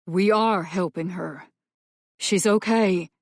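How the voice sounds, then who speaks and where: A woman reading a steady male paramedic. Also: fairly low pitch, slow pace, no echo, clean studio sound. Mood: reassuring. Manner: firm, reassuring, coaxing. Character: steady male paramedic calming a hurt boy.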